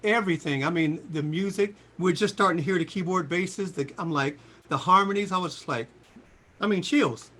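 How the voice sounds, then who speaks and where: A man in his sixties telling stories as a guest in an interview, acting out the quotes in a lively voice. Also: normal speed. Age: 60s. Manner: lively storyteller, voices quotes with big pitch jumps. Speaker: singer and guest. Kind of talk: animated storytelling interview.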